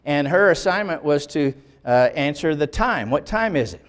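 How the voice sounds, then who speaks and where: Older guy teaching a bible class, kinda high voice, emphatic, long hall echo. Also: lively intonation, moderate pace. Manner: emphatic, explains step by step and asks for the next slide. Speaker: Bible lecturer. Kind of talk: classroom lecture with slides. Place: lecture hall.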